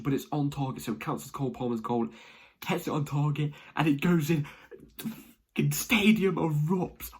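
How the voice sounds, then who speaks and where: A young man reacts excitedly to a football match from home, rambling and restarting his sentences. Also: mid-range voice, husky. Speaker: football fan vlogger.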